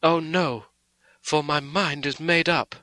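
A man's voice: mid-range voice, moderate pace, bright, forceful tone, dry recording, pitched above the performer's own voice, natural voice, rough recording. A man reading aloud, voicing a brave and sorrowful young woman who speaks earnestly and with resolve. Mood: resolute. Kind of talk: audiobook character voice.

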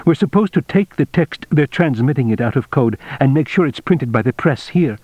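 A man reading as an excitable male consulate secretary, delivering his news eagerly and quickly. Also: medium pitch, no echo, pitched above the performer's own voice, lightly acted. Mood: excited. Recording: dull, dry lo-fi audiobook recording.

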